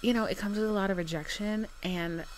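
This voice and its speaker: A woman's voice: medium pitch, fairly quick, slight background noise. A young woman talking casually to her camera, rambling and chatty, calling her viewers "girl". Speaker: vlogger. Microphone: camera mic.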